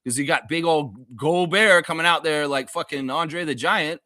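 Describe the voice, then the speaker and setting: His voice is a little high and sharp, moving at normal speed, recorded cleanly in a studio with no echo. As host of a sports fan livestream, he swears heavily through a heated, sarcastic rant, then relaxes into laughing, casual talk.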